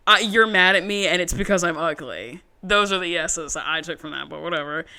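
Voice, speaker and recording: A woman co-hosting a podcast, chatting casually in a profane, animated storytelling way. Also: lowish voice, a little fast. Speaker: podcast co-host. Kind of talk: casual recap chat.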